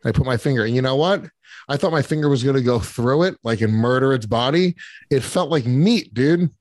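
A man's voice: mid-range voice, brisk, darkish tone, dry recording. Brief: male podcast co-host, brash and profane, close dry mic. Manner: profane, boisterous, swears constantly. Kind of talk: crude casual banter. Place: podcast studio.

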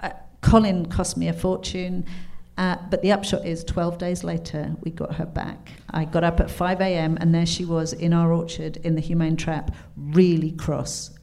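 A British author in her fifties spins a long, comic anecdote with plenty of laughter. She drops into other voices for quoted lines. Her voice sits slightly low. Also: normal speed, creaky, few pauses. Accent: British English. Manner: animated, laughing, acts out quotes in character. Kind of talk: anecdotal storytelling at a live book talk.

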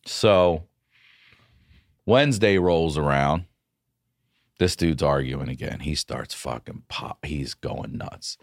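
A man's voice: extremely low pitch, takes it slowly, vocal fry, long pauses, dry recording, clean studio sound. A middle-aged male comedian telling a story in casual, profane chat. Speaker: comedian guest.

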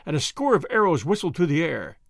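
A man reading a classic adventure story aloud in an expressive storytelling manner. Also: fairly high pitch, fairly quick, vocal fry, no room sound, clean studio sound. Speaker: narrator. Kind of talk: audiobook narration.

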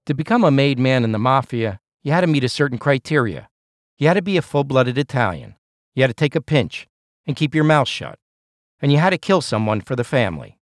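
A man hosting and narrating a true-crime podcast in a measured, scripted storytelling delivery. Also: mid-range voice, big pitch swings, dry recording, clean studio sound.

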